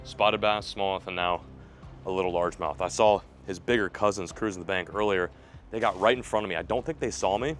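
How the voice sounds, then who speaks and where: Young male fishing vlogger, low voice, excitable and chatty, outdoor riverbank, faint music behind. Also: fairly quick. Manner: excitable, bursts into loud yelling when fish appear. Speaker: fishing video host. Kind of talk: casual on-camera fishing vlog. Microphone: camera mic, filmed by a camera operator.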